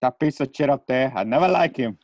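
A man putting on an impression of a gruff, tired older film star, loud and exasperated. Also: medium pitch, lively intonation, brisk, no echo, close to an everyday voice. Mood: menacing.

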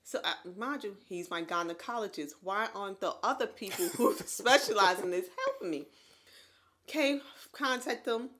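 A woman in her thirties co-hosting a podcast, telling her own story in casual chat, animated and laughing often. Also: medium pitch, moderate pace. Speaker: podcast co-host.

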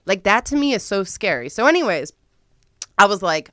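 A young woman telling a dramatic, profane story in a casual vlog, with sudden loud outbursts. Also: mid-range voice, big pitch swings, moderate pace, dry recording, clean studio sound. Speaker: vlogger.

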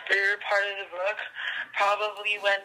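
A man's voice: high-pitched, monotone, brisk, background noise, lightly acted. A man playing a melodramatic fan caller on a comedy call-in segment, whiny and overdramatic. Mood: weepy. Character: melodramatic weepy fan caller, overwrought and touchy.

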